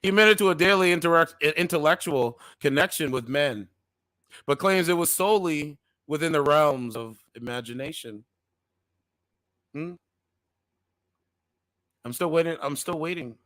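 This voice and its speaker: A man's voice: fairly high pitch, moderate pace, long pauses, bright, forceful tone, no room sound. A man hosting a casual commentary channel, reading news articles aloud with slangy asides, stumbling over words and repeating defensive disclaimers.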